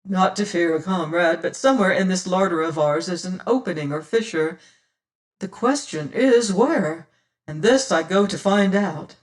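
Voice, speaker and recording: A woman's voice: fairly low pitch, normal speed, distant mic, lightly acted. A woman voicing a protective young male adventurer who speaks firmly in old-fashioned phrases. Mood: resolute. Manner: firm, hearty, old-fashioned speech.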